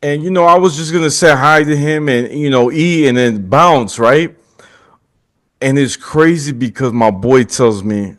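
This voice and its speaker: A man's voice: fairly high pitch, lively intonation, unhurried, a bit bright. A young man hosting a podcast, telling a story casually, acting out quotes and often laughing. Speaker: podcast host.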